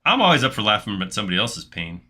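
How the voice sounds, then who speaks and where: A man hosting a live software modeling stream, thinking aloud in casual chat as he works. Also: lowish voice, sing-song, very fast. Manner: chatty, thinks aloud with restarts while clicking. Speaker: livestream host modeling in software.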